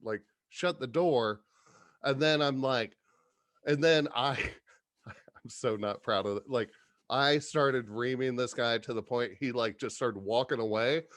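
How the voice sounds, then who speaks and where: A man guesting on a podcast, telling stories in a profane, animated, casual way. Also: mid-range voice, a little slow, dry recording. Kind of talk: casual storytelling chat.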